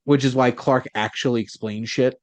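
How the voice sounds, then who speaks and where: A man co-hosting a casual podcast, excitable and jumping up in pitch when he quotes lines. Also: normal speed, dry recording. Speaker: podcast co-host. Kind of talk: casual chat.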